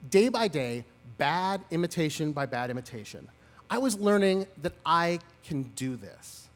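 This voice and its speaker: Man in his forties, commencement speaker, high voice, swooping animated delivery, humorous self-mocking stories, long reverb from the outdoor PA. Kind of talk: graduation speech. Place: outdoor lawn ceremony.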